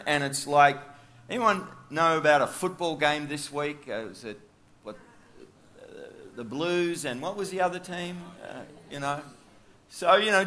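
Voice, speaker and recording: A man's voice: on the high side, bright, forceful tone. A man with an Australian accent preaching a sermon in a chatty storytelling way, full of asides. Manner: chatty, with frequent asides and fillers.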